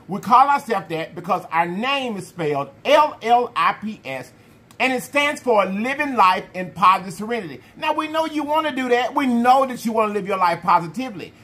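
A man hosting a food challenge vlog, talking to viewers in an animated, playful way with slang and drawn-out hype calls. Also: extremely high pitch. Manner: slang-heavy, addresses viewers as y'all. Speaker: mukbang channel host. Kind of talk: casual vlog talk to viewers.

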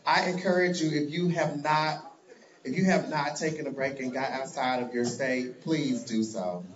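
Chatty laughing drag performer, echoey. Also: male voice, mid-range voice, moderate pace, crowd noise. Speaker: drag performer answering fan questions. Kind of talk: casual live Q&A. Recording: echoey, dull live-stream audio.

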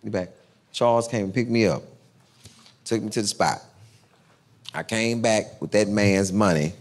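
A male comedian from Texas telling a profane, animated stand-up story. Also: low-pitched.

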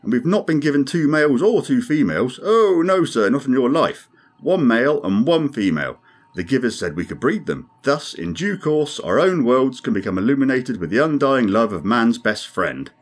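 A man's voice: mid-range voice, very animated, moderate pace, husky, voice pushed up. A man voicing a grim, sardonic male alien crewman who speaks dryly and insistently. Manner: dry, insistent, ominous.

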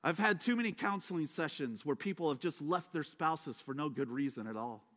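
A man's voice: fairly high pitch, animated, a little fast, a bit bright. A man preaching a sermon as a guest speaker, telling the story dramatically with joking asides. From USA. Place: church sanctuary. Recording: echoey church hall.

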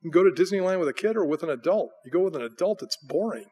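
Middle-aged American male pastor, sermon delivery, animated storyteller, slightly high voice. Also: racing. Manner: animated storytelling, acting out voices with bleats and bursts of excitement.

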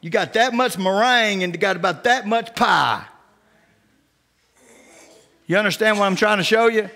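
A male pastor preaching a sermon, telling personal stories in a folksy, down-home way and often dropping to a hushed voice. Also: sits high. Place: church sanctuary. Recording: church sanctuary with long reverb.

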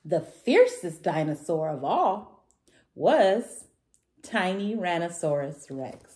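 A woman reading a picture book aloud to children, warm and sing-song. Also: on the low side, very animated, slow pace. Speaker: children's story reader. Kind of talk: read-aloud storytelling for kids.

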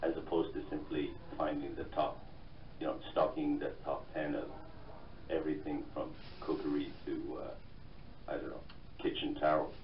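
Brief: Irish-born male guest author, very low voice, mixed accent, halting, heard from a distance in a roomy space. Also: little pitch movement, gravelly, lo-fi sound, slight background noise. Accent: mixed Irish, London and Canadian. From Ireland. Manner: halting, many fillers and restarts. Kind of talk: radio interview.

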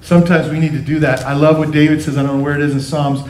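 A man preaching a sermon as pastor, animated, acting out quotes in changing voices. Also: fairly high pitch, fast, a little hiss or hum. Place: church sanctuary. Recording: echoey church hall.

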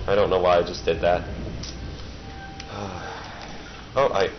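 This man speaks slowly in a low, level tone, leaving long pauses between his playful, rambling jokes. He's a let's-play gamer commenting casually on a video game, and the audio is muffled by game noise in the background.

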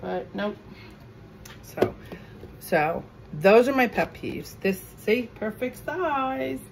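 A woman's voice: a little high, animated, slow pace, creaky, slight background noise, rough recording. A woman chatting casually in her home kitchen as she cooks and vents about her pet peeves. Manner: chatty, venting pet peeves while cooking. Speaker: cooking vlogger. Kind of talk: casual kitchen vlog chat.

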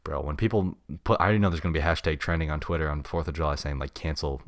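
Fast-talking deep-voiced guy ranting. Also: no room sound, clean studio sound. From United States. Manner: slangy and blunt, heavy on "dude" and "bruh". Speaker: podcast host. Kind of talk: casual solo podcast rant.

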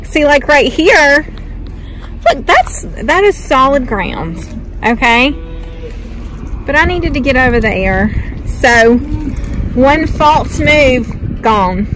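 There's a little hiss or hum as a middle-aged North Carolina woman with a drawl talks to camera, her high voice very animated and a bit bright. Sounding unhurried and at home, like a farm vlogger, she rambles into tangents and jokes at her own expense, on a muddy farm and later in a home kitchen.

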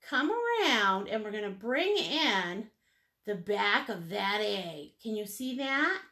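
Brief: woman art instructor, bright lively voice, unhurried, playful sing-song asides while teaching. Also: fairly high pitch. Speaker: painting instructor. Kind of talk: live painting lesson, step-by-step instructions.

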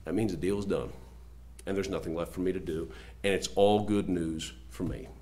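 A man preaching a sermon, reading scripture aloud slowly and swinging between loud declarations and low, quiet asides. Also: fairly even intonation.

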